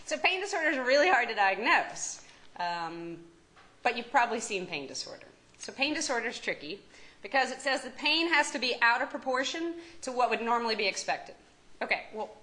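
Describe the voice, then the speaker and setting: A woman's voice: medium pitch, sharp tone, slight background noise, poor audio. A woman with a Kentucky accent giving a medical lecture as a psychiatry professor, talking conversationally, joking and asking the audience questions. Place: lecture room.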